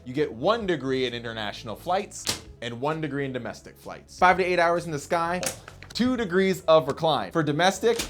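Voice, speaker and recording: A man's voice: on the high side, expressive, moderate pace. A man hosting a comedic commentary video, playful and sarcastic, acting out little skits. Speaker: video essay host.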